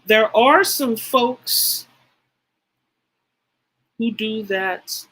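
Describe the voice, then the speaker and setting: Slow, husky-voiced woman teaching spirituality. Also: fairly high pitch, fairly bright tone, low-quality recording. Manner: emphatic, repeats phrases for stress; speaks directly to live chat viewers. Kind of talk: livestreamed spiritual teaching talk.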